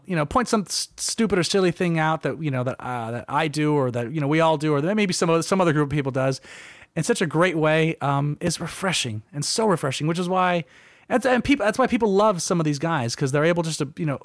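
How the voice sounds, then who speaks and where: A man's voice: fairly high pitch, no room sound, studio quality. A young man telling a story in casual chat, rambling and self-deprecating, acting out quotes in a raised voice.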